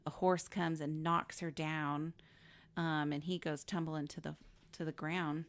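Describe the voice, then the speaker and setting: A woman's voice: sits low, flat delivery, measured pace. A woman co-hosting a film podcast, recapping the plot in blunt casual chat, swearing freely and laughing often. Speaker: podcast co-host. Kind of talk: casual movie review chat.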